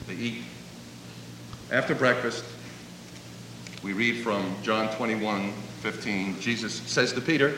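A man's voice: lowish voice, slow pace, pauses often, sharp tone, slight background noise. A man preaching a sermon, telling a story and acting out its dialogue. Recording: echoey hall, voice from a distance.

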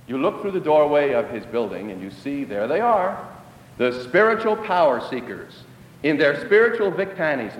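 Dramatic preacher man in an echoey hall. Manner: dramatic, drops to hushed lows for emphasis. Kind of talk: sermon storytelling.

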